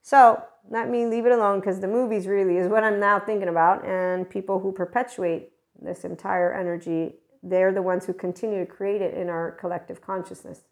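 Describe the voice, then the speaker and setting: A woman's voice: medium pitch, fairly even intonation, brisk. Rambling, candid woman hosting a podcast. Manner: rambling, candid, laughs often, swears. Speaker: podcast host. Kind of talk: casual spiritual monologue.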